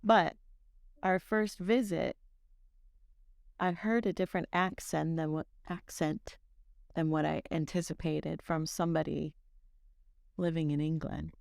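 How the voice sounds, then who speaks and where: A woman co-host with a low, gravelly edge to a smooth voice, bantering playfully. It is recorded close and dry. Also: steady tone, measured pace, pauses often, darkish tone, dry recording. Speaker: podcast co-host. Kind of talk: casual podcast banter.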